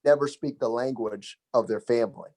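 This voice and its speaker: A man's voice: mid-range voice, a little fast, dark tone. Chill american guy on a podcast, dry jokes, laughs a lot, average voice. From United States. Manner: laid-back, dry jokes, laughs often. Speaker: comedian guest. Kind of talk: casual comedic chat.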